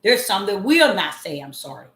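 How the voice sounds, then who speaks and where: A woman calling herself a prophetess, giving a slow spoken devotional message. She draws her words out and breaks into loud cries of apology. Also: mid-range voice, big pitch swings, reverberant. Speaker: self-styled prophetess.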